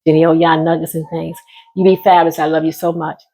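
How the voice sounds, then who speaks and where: A woman's voice: low voice, level tone, fast, dark tone. Lady vlogging life advice, emphatic, keeps saying honey and baby, lets out big whoops. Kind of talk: heartfelt casual monologue.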